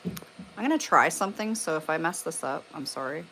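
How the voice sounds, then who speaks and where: A woman's voice: sits low, lively intonation, brisk, a bit bright, a little hiss or hum. A woman from Canada chatting casually on a livestream, rambling and swearing with lots of fillers. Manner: rambling and profane, with many fillers. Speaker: paranormal livestreamer. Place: room at home lit by candles.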